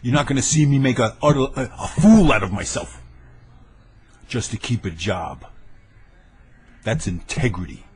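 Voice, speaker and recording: A man delivers an angry, boastful rant straight into his webcam. His voice is husky and middle-pitched, and he keeps hammering the same phrases for emphasis. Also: animated, moderate pace, long pauses, darkish tone. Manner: combative, boastful, repeats lines for emphasis. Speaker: vlogger ranting to camera. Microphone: webcam mic.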